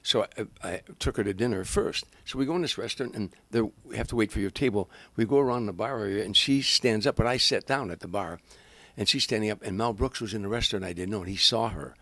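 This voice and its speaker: An older man, a stand-up comedian, telling animated anecdotes as a guest in an interview. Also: on the low side, fast, few pauses, dry recording. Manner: animated storyteller, acts out quoted voices.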